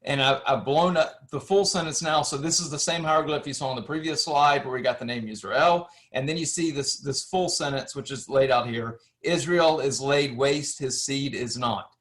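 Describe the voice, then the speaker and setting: A man's voice: medium pitch, fairly quick, hardly any pauses, fairly bright tone. Man lecturing, explaining slides. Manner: explanatory, asks and answers his own questions, many restarts. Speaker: history lecturer.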